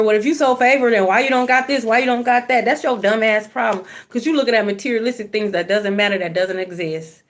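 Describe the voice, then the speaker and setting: Woman card reader, higher voice, blunt, preachy, profane, repeats lines for punch. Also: fast, hardly any pauses. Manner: repeats phrases for emphasis. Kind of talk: spiritual card reading monologue.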